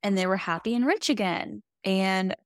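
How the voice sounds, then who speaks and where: A young woman co-hosting a casual podcast, chatty and animated as she recaps a fantasy plot with lots of "like". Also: mid-range voice, normal speed, no room sound, studio quality. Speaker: podcast co-host explaining fantasy books. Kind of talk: casual chat.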